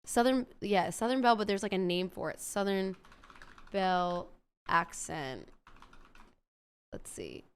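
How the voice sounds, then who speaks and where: A woman's voice: medium pitch, lively intonation, unhurried, long pauses, clean tone. A woman hosting a stream, chatting casually and rambling as she searches aloud for words. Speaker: streamer host. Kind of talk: casual chat while building a game character.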